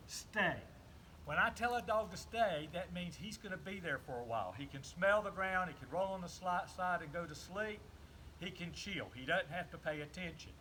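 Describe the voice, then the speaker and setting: Dog trainer, male, Southern US accent, slightly high voice, calm and explanatory with clipped commands; noisy outdoor recording. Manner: calm, explains while giving short commands.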